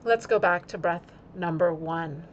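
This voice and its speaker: Yoga teacher woman, slow deliberate phrasing. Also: fairly low pitch, slight background noise. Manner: demonstrates slow, deliberate breath-paced phrasing. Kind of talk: instructional video talk.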